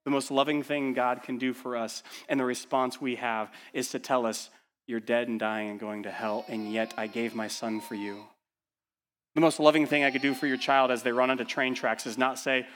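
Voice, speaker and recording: Male pastor, mid pitch, urgent sermon delivery, rhetorical questions, shifts from hushed to loud. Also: fairly even intonation, moderate pace. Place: church.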